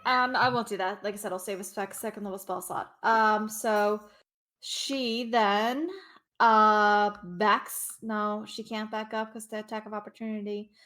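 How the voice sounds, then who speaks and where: A woman takes her turn in a tabletop game, speaking slowly and hesitantly with plenty of "um"s. Her pitch sits mid-range. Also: steady tone, sharp tone. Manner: apologetic, hesitant, many fillers. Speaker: player.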